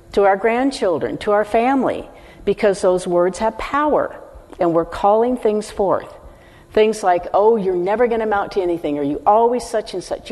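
An older woman preaching in a teaching style, earnest and emphatic as she speaks straight to the congregation. Her voice sits at a middle pitch for a woman. It carries a long reverb from the hall she speaks in. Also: a little mellow. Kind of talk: teaching sermon.

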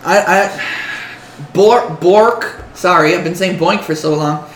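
A man's voice: high-pitched, a little slow, echoey room, slight background noise, poor audio. A man voicing a nervous male halfling dealer who stammers and pleads in a tabletop game. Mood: nervous pleading.

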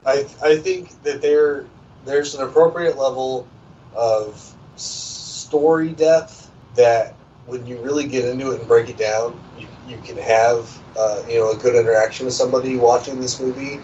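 A man's voice: mid-range voice, mellow, slight background noise. Hesitant man on a distant dull mic. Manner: hesitant, measured, stumbles over words. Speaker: podcast co-host. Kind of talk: casual movie podcast chat.

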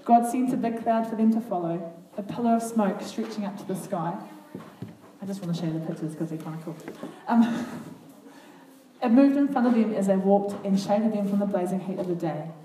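A woman reading a children's Bible story aloud to a group, with earnest, expressive comments between passages. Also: mid-range voice, moderate pace. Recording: echoey room, far from the mic, faint noise.

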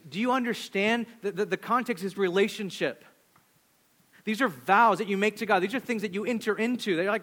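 A man in his thirties preaching a sermon, animated, swinging between loud emphasis and hushed, low asides. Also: brisk. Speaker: pastor.

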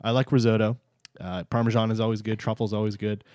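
A man's voice: fairly low pitch, little pitch movement, quick pace, mellow, no room sound, clean studio sound. A man co-hosting a casual food preview chat, playful and teasing as he reads out menu items. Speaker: co-host.

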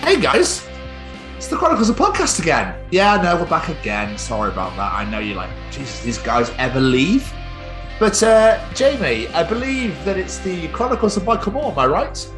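A tired man co-hosting a podcast in casual chat, animated and laughing often. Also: on the high side, normal speed, over music. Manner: animated, laughs often, does jokey impressions. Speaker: podcast co-host.

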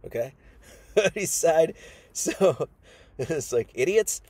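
A man's voice: a little high, animated, slow, long pauses, a little mellow, no room sound. A man preaching a casual Bible teaching, emphatic and conversational, full of asides and restarts.

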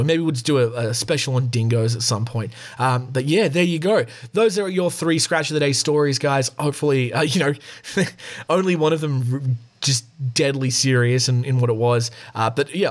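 An Australian man hosting a podcast, reading news stories aloud in a casual way and adding chatty asides. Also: mid-range voice. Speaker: podcast host.

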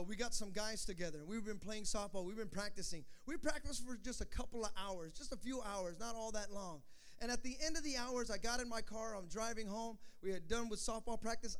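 A pastor preaching a sermon to his congregation, calling for responses and rising to shouts. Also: high-pitched, clean tone.

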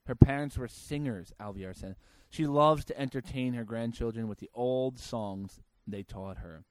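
A man's voice: mid-range voice, moderate pace, no echo. A man hosting a comedy show, reading out news stories and ranting about them in a sarcastic, crude way. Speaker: podcast host.

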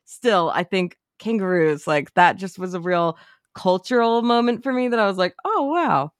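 A woman's voice: lowish voice, normal speed, clean tone, no echo. Young woman, podcast co-host, casual chat, laughs a lot, swears, dry close sound. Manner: laughs often, swears casually, lots of fillers.

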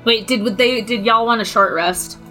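A woman's voice: on the high side, normal speed, sharp tone. A woman speaking casually and a little hesitantly as a player in a tabletop game, over faint music.

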